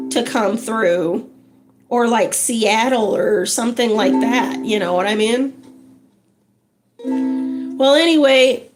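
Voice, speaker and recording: A woman with a high voice talks slowly and unhurriedly as she hosts a casual livestream. She is encouraging and chatty, greeting her viewers one by one. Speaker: livestream host.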